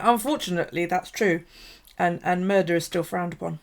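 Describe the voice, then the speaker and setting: A woman with a gravelly, fry-edged voice talks casually through a live stream. She swears freely, laughs often and answers viewers' comments as she chats. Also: lowish voice, brisk. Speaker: bullet journal vlogger.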